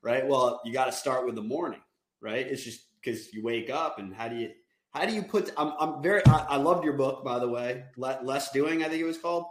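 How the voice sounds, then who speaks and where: A man's voice: medium pitch, brisk. Casual male host, middle voice, wandering delivery, roomy reverb. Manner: rambling, searching for words. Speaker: podcast host. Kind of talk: casual interview chat. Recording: roomy echo.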